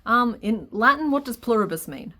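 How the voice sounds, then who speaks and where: A woman's voice: on the high side, expressive, normal speed, bright, forceful tone. A woman hosting a crochet video, chatting playfully and giggling with her partner. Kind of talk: casual chat.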